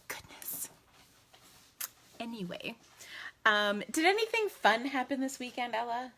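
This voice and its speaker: Bright, bubbly woman streaming live. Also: a little high, big pitch swings, takes it slowly, pauses often. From United States. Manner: bubbly and chatty, laughing often. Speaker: crafting live-stream host. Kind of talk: casual live-stream chat. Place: at home indoors. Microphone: phone camera in selfie mode.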